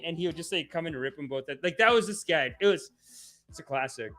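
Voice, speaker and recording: Comedy podcast host, man, lively rambling slangy delivery, bright tone. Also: a little high, fairly quick, faint music behind. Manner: animated, rambling, slangy, often laughing. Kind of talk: casual comedy livestream chat.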